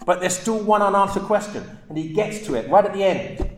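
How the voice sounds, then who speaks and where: A man's voice: high voice, animated, fairly quick, a little hiss or hum. A man giving a lecture on literature and faith, speaking emphatically and reading quotations with dramatic weight. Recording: echoey room.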